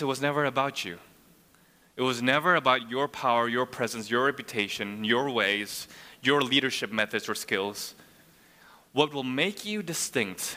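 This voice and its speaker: A man's voice: medium pitch, sharp tone. A man preaching a sermon who explains scripture verse by verse and keeps asking the room rhetorical questions. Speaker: pastor. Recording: long hall reverb.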